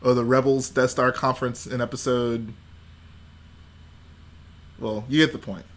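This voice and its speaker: A man's voice: medium pitch, fairly even intonation, measured pace. A man hosting a casual livestream, reading chat aloud, laughing often and trying out movie-quote impressions. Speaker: livestream host.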